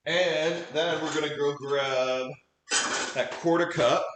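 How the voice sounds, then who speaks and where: A man's voice: fairly high pitch, steady tone, slow, echoey room, background noise. A man chatting casually with his live chat while cooking at home, goofy and laughing often. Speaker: cooking streamer. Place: home kitchen.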